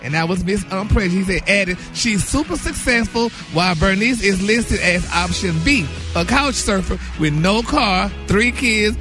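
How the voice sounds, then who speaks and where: A man's voice: sits high, lively intonation, normal speed, few pauses, music in the background. A man reading celebrity gossip on a radio show, flamboyant and sing-song, sprinkling his talk with honey and y'all.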